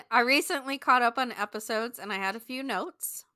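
A woman with a bright, clear tone co-hosts a chatty podcast and keeps dissolving into amused giggles. The sound is close and dry, with no room around her. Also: a little high, animated, normal speed, no room sound. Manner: giggly, amused, breaks into laughs. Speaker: podcast co-host. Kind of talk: casual chat, reading a listener letter.

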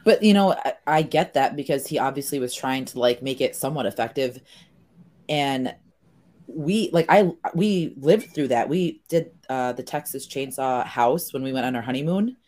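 A woman hosting a casual podcast chat, an animated storyteller who swears freely and acts out quotes. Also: extremely low pitch, normal speed. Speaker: podcast host.

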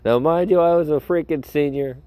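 A man's voice: a little high, a little fast, mellow, no echo. A man hosting a podcast, telling a rambling story in a casual way and breaking into laughter often. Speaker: podcast host.

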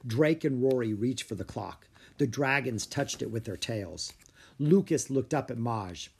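A man narrating a children's storybook with an expressive reading style. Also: medium pitch, a little slow, vocal fry, slightly rough. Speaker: audiobook narrator.

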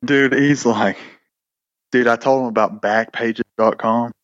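A man's voice: mid-range voice, steady tone, a little slow, fairly bright tone, dry recording. A man tells a story on a podcast, rambling and cursing through false starts. His voice sits in a middle range and sounds dry and close, with no room around it. The line is a bit dull and lo-fi. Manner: rambling, swears often, many restarts. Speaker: podcast co-host. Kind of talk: casual storytelling chat.

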